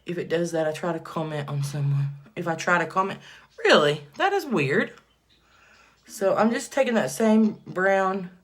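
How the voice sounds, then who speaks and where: Chatty woman going live from her phone, doing makeup, gets loud n excited. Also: fairly low pitch. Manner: chatty, excitable, breaks into loud bursts of praise. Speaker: livestream host. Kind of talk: casual livestream chat while doing makeup.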